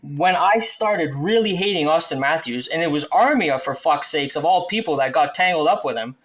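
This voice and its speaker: A man's voice: a little high, expressive, moderate pace, a bit bright, highs cut off. A man, a superfan guest ranting profanely in casual podcast chat. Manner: profane, ranting fan banter.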